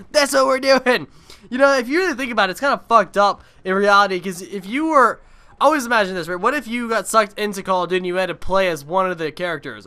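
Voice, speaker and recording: A man's voice: sits high, pushed and bright, smooth. A young man giving casual gameplay commentary on his own video, rambling and swearing freely. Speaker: gaming video creator.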